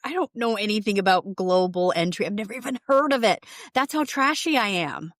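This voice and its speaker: A woman's voice: medium pitch, expressive, fairly quick, a bit bright, dry recording, clean studio sound. A woman co-hosting a podcast in casual reality TV chat, emphatic, with short agreeing replies. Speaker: podcast co-host.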